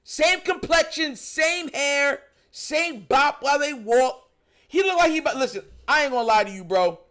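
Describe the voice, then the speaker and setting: A man with a New York accent hosting a live stream, talking loudly in slangy, excited commentary, often shouting and laughing. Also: extremely high pitch, moderate pace.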